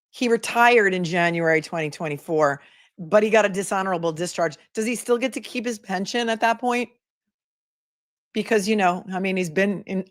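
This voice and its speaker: A woman, an attorney, hosting a casual livestream, chatting and laughing often as she reads viewer comments aloud. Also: on the low side.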